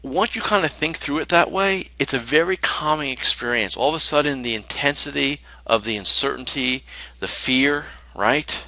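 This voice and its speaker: A man's voice: medium pitch, moderate pace, sharp tone, slight background noise, low-quality recording. A middle-aged man coaching financial advisors in a conversational talk, full of rhetorical questions and tag questions. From New Jersey.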